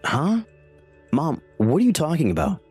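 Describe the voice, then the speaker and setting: A man's voice: fairly high pitch, wildly swooping pitch, normal speed, slightly rough, heavily acted. A man voicing a grown son and husband who lies and answers in an evasive, defensive way. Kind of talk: text-message story read aloud. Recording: soft music behind the voice.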